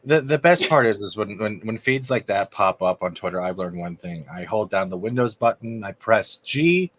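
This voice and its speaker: A man's voice: on the low side, animated, moderate pace, fairly bright tone. A man co-hosting a casual live stream, joking, interrupting and feigning outrage. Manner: jokey, interrupts, mock outrage. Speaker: co-host.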